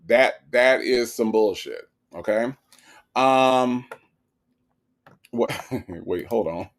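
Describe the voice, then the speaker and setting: A man hosting a live stream, giving emphatic commentary and answering his chat, checking in with "right?" again and again. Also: medium pitch. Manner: emphatic, keeps asking "right?".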